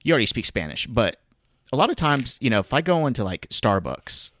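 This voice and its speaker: A man's voice: mid-range voice, very animated, brisk, fairly bright tone. A man co-hosting a podcast in casual chat, grumbling and rambling with lots of fillers and restarts. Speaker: podcast co-host.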